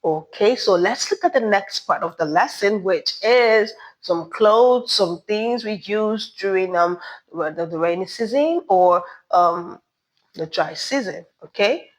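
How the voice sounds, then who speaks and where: A woman from Nigeria, teaching a beginner language lesson, saying each word slowly and asking listeners to repeat after her. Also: medium pitch, animated, low-quality recording. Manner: drills words slowly, asks learners to repeat, checks with "okay?". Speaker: French teacher.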